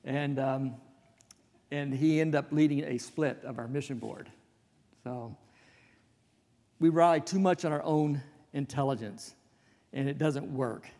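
A man's voice: mid-range voice, measured pace, long pauses, warm tone. A male pastor giving a conversational sermon, telling folksy stories with self-deprecating asides. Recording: long reverb of a hall.

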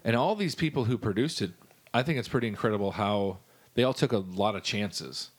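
A man co-hosting a casual chat, talking in an animated, rambling way and swearing freely. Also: on the low side, a little fast, breathy edge. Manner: animated, profane, rambling enthusiasm. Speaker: podcast co-host.

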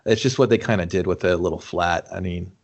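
A man's voice: deep voice, quick pace. A man co-hosting a casual movie talk, laid-back and profane, laughing often. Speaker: podcast co-host. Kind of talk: casual chat.

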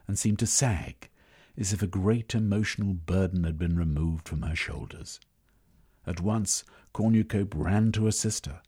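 With a voice that sits low and sounds slightly rough, a man narrates an audiobook, keeping his storytelling measured and expressive.

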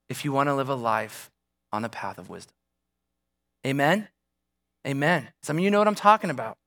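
A pastor preaching a sermon in a relaxed, conversational way. He tells a story from his own life and keeps turning to the congregation with questions. His voice sits fairly high for a man.

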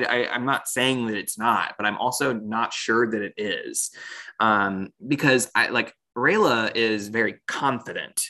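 A man's voice: fairly low pitch, pushed and bright. A man co-hosting a casual discussion of a cartoon series, thinking aloud and laughing often. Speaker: podcast co-host.

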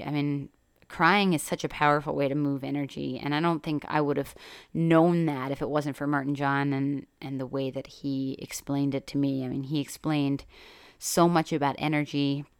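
A woman's voice: sits low, fairly bright tone, smooth, no room sound, studio quality. A woman life coach talking casually on her own podcast, candid and chatty, swearing freely and laughing often. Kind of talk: casual solo podcast talk.

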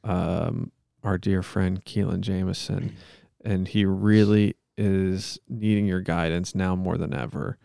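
A man with a low, gravelly yet smooth voice hosts a casual podcast. He jokes around and slips into a mock-solemn praying tone. The sound is close and dry. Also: steady tone, slow, few pauses, warm tone, dry recording. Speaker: podcast host.

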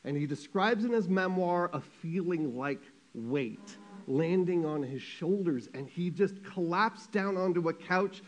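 Man, pastor, sermon, conversational storytelling, slightly higher voice. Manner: animated, conversational, with quick asides and jokes.

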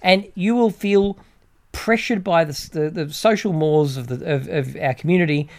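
A man's voice: fairly high pitch, moderate pace. A man, co-hosting a podcast and making emphatic points in casual political chat. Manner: emphatic, repeats himself. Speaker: podcast co-host.

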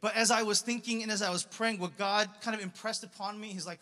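Bright-voiced young man preaching in a hall. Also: sits high, steady tone, fast talker. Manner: casual, conversational preaching with many fillers and restarts. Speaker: pastor. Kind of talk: sermon. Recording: reverberant hall.

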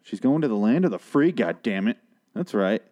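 A man's voice: on the low side, expressive, normal speed, dark tone. A man hosting a casual TV episode review, talking in a rambling, profane and sarcastic way. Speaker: host of a TV review show.

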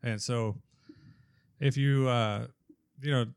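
A man talking as a guest on a casual podcast. He explains things in a plain, matter-of-fact way. His voice sits at an ordinary pitch and is recorded close and dry. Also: fairly even intonation, slow pace, smooth, dry recording. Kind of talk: casual chat. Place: podcast studio room.

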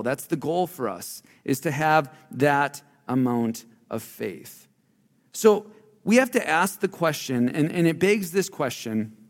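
A pastor giving a conversational sermon, shifting between loud emphasis and quiet, low asides. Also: male voice, big-room sound.

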